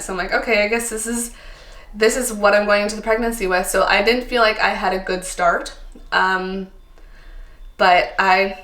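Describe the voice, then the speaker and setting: A woman's voice: mid-range voice, pushed and bright. A woman in her thirties from Canada, chatting casually to camera as a vlogger, candid and tired, filling her talk with ums and likes. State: tired, a little emotional. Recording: echoey room.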